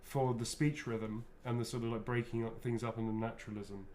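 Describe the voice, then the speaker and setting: A man's voice: medium pitch, little pitch movement, a little fast, a little mellow, slight background noise. A man, a voice actor, chatting loosely while signing autographs and answering fan questions, often restarting his sentences. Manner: rambling, self-correcting, chatty.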